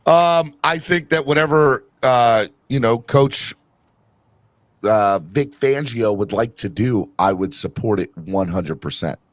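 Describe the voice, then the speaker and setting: A man's voice: medium pitch, animated, slow, no echo. A man hosting a casual sports podcast, talking emphatically and often restarting his sentences. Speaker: podcast host.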